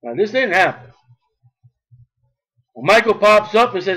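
A man's voice: high voice, sing-song, unhurried, bright, forceful tone, poor audio. A man preaching a sermon, emphatic and drawing out key words.

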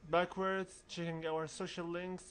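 A man's voice: high voice, flat delivery, unhurried, a bit bright, slight background noise. A man giving casual, rambling commentary over a role-playing game walkthrough, mumbling through asides. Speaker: let's play narrator.

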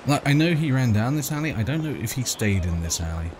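A man's voice: mid-range voice, very animated, fast talker, noisy background. A man casually commentating a video game playthrough with wry humor, reading game dialogue aloud. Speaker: let's play host. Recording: game music under voice.

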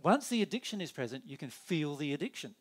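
Man, higher voice, lively conversational teaching, acts out inner dialogue. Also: fast, husky. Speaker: spiritual teacher.

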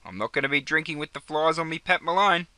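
Brief: man playing a fast-talking, insistent Australian mate, bright tone. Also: on the high side, dry recording, voice pushed up. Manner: insistent, slang-heavy. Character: pushy young Australian bloke nagging his mate.

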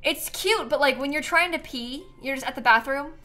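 A woman's voice: high voice, normal speed, bright, forceful tone, soft background music. A young woman from Florida, a streamer chatting casually while she plays, rambling and laughing often. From Florida, USA. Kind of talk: casual chat while playing a game.

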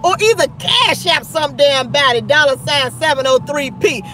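High-pitched, animated gossiping woman host. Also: moderate pace, slight background noise. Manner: animated, gossipy, full of "child" and "honey". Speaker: live-stream host. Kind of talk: casual live-stream chat.

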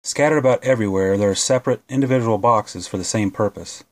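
A man narrating an audiobook, reading a novel aloud at a steady, measured pace. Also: lowish voice.

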